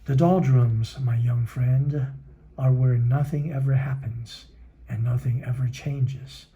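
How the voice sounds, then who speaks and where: A man voicing a small, lethargic creature in a storybook reading, speaking slowly and languidly. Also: medium pitch, steady tone, dark tone, natural voice.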